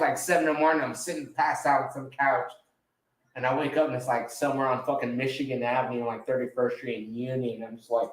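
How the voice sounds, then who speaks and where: A man hosting a podcast, chatting casually and telling rambling, profane stories, with lively quotes of other people. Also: mid-range voice, quick pace, reverberant, rough recording. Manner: animated when quoting others. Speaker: podcast host. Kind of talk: casual chat.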